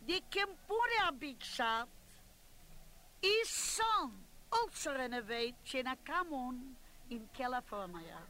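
A woman's voice: high voice, expressive, takes it slowly, sharp tone, a little hiss or hum, poor audio. Chatty bossy woman in a comic monologue. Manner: chatty, bossy, broken-English phrasing. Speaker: comedian playing a club meeting chair.

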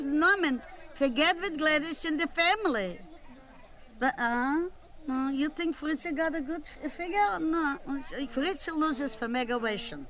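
A woman's voice: very high voice, poor audio. A woman playing a gossipy, bossy woman, rambling and scolding in a comic monologue. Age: 80s. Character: gossipy bossy elderly woman at a family gathering.

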